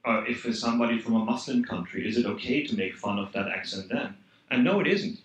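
German-accented male speaker, earnest conference talk, mid-pitched, echoey hall sound. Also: fast. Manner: earnest, conversational, animated emphasis. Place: hall at a hackday event.

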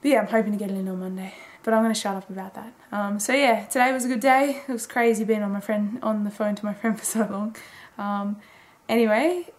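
Young woman, daily vlogger, rambling chatty talk, fairly flat melody, mid pitch. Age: 20s. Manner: rambling, chatty, many fillers. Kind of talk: casual late-night video diary.

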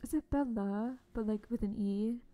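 High-voiced bubbly young woman streamer. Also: moderate pace. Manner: bubbly, greets chatters, often drops to a soft whisper. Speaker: game streamer. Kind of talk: casual livestream chat. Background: faint background music.

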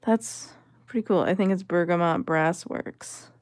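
A woman's voice: fairly low pitch, measured pace, dry recording. A woman vlogger giving casual commentary as she sorts vintage jewelry, musing and appraising each piece aloud.

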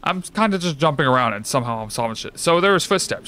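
Profane, excitable gaming man. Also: on the high side, moderate pace, few pauses, slight background noise. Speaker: let's play gamer. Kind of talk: casual gameplay commentary. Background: game music.

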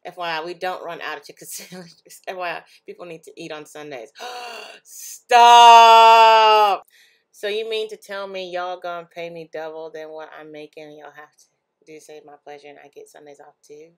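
Her voice sits low and runs a little fast as this young woman vlogger reacts casually to things posted online. She's animated, often bursting into laughs and exclamations.

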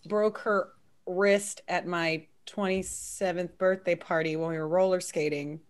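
A woman comedian hosting a casual live-stream interview, telling stories in a chatty, animated way with many fillers. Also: lowish voice, measured pace. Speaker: comedian host.

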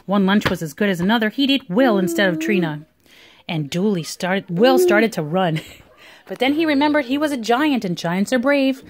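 A woman reading a picture book aloud to a young child at home, with expressive storytelling. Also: mid-range voice, moderate pace. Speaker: reader.

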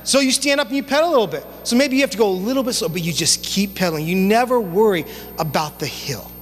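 A young man preaching a sermon as youth pastor, telling stories in a casual, animated way with relaxed slang. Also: high voice, fast talker. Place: church sanctuary. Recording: long church hall reverb, faint hum.

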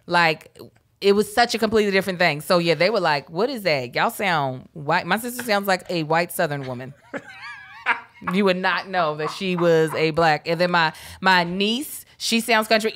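Woman, bright voice, emphatic, playful, middle-aged, from baltimore. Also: on the low side. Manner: emphatic, laughs often, playful. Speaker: podcast co-host. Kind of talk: casual chat.

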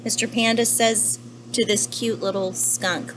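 A young adult woman teacher gently reading a picture book to children and asking them questions about the pages. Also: mid-range voice, steady tone, a little slow, noisy background. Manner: gentle, asks the listener questions. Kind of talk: children's story read-aloud.

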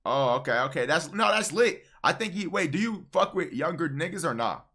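A young man hosting a casual livestream chat, animated and teasing, cutting in with quick repeated words. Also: on the high side. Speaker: streamer host.

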